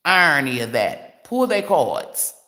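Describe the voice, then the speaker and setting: A woman's voice: low-pitched, big pitch swings, a little slow, a bit bright. A woman tarot reader delivering a blunt, profane, emphatic rant on a livestream.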